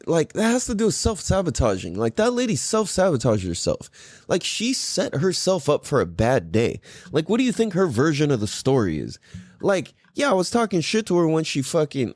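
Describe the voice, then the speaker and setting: A man hosting a podcast, telling a story in a casual, profane and animated way. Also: a little high, no echo, studio quality. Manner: animated, profane, laughing often. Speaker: podcast host.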